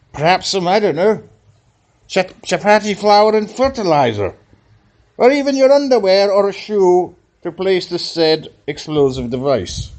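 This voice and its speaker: A man's voice: high voice, darkish tone. A man, a comedian rambling through a comic podcast monologue in a mock-serious way.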